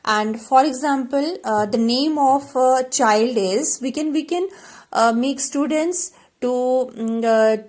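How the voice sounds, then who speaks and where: A woman teaches a classroom lesson at an unhurried pace. Her voice sits a little high, and she repeats words and fills pauses with "uh" as she explains. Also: a little mellow. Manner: slow, repetitive explaining with many fillers.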